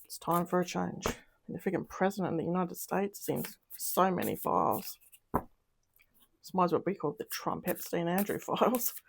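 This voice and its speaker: A woman's voice: fairly low pitch, expressive, normal speed, gravelly, slight background noise. A woman doing a casual tarot reading, talking in an upset, emotional way with sighs and trailing sentences. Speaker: tarot reader.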